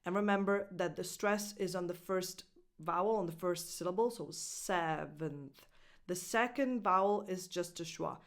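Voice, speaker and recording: A woman whose first language is Italian, teaching English pronunciation as a coach and clearly modeling each word. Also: fairly low pitch, moderate pace. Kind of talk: pronunciation lesson.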